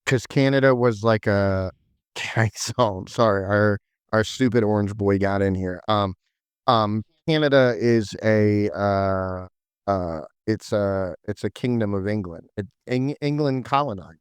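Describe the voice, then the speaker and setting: Rambling low-voiced man hosting a chat. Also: measured pace, smooth, no room sound, studio quality. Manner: rambling, full of "like" and "um". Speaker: podcast host explaining game lore. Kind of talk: casual chat.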